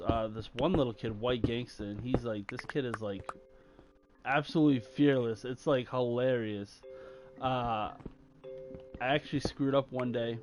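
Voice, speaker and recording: A man's voice: mid-range voice, lo-fi sound. A young man chatting casually while he plays a game, rambling and slangy with lots of fillers. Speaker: gaming channel host.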